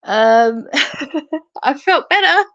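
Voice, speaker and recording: A woman's voice: high voice, animated, drawn-out words, fairly bright tone, no echo, dull audio. A woman with a cold chatting with a friend on a video call, easygoing and laughing often. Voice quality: rough, gravelly voice. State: sick with a cold. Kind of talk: casual chat.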